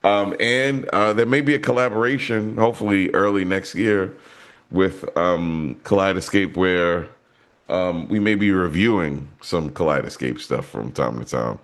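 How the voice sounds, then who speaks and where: A man's voice: sits low, measured pace. A man co-hosting a casual movie podcast, telling a story in a loose, rambling way with many restarts. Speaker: podcast co-host.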